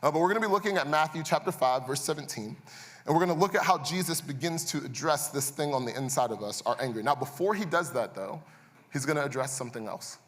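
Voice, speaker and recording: Male pastor, slightly high voice, conversational sermon with rising intensity, reverberant church hall. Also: animated, fast talker, fairly bright tone. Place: church auditorium.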